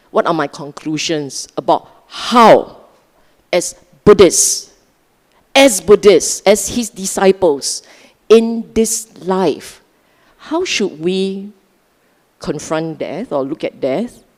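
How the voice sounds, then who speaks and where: A Buddhist dharma speaker with a Singaporean English accent delivers a Sunday talk to a live audience in a large hall, her voice on the low side and darkish, trailing a long reverb tail. She is chatty and teasing, often checking in with listeners and asking them questions.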